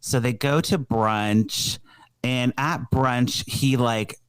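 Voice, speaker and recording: A man's voice: mid-range voice, slow pace, clear, resonant tone, no echo. A man talks through a movie plot on a podcast, voicing the characters as he goes. His voice sits in an ordinary middle range, and the sound is dry and close with no room around it. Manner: animated storyteller, acts out quotes. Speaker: podcast co-host. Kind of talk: casual podcast chat, recapping a movie.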